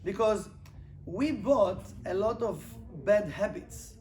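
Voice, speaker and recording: High-voiced man teaching Kabbalah. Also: a little hiss or hum. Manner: animated, rhetorical questions, reads Hebrew quickly then translates. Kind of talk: informal class lesson.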